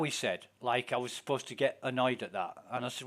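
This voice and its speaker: A Yorkshire man rambling through a story as he plays, with plenty of cursing along the way. His voice sits at an ordinary middle pitch, and his delivery is loose and conversational. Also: fast talker, few pauses, fairly bright tone. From Yorkshire, England. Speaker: game streamer. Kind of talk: casual chat while gaming.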